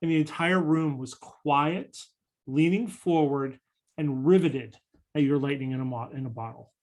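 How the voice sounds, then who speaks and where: Male session host, higher pitch, courteous and formal. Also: normal speed, darkish tone. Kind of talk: moderating a panel discussion.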